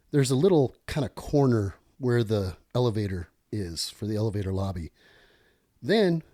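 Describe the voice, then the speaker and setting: Animated middle-aged man telling a story. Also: mid-range voice. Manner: animated, self-interrupting storyteller. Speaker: podcast guest, former police lieutenant. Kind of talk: storytelling in a podcast interview.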